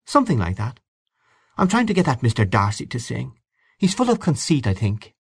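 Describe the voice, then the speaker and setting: A bright, coaxing young wife, lifted well above a low reading voice and swooping about as she teases and pleads, put on by a man reading a story. The sound is close and dry. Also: wildly swooping pitch, normal speed, creaky, slightly rough, no echo, exaggerated voice. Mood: teasing. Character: lively young Irish wife, teasing and eager.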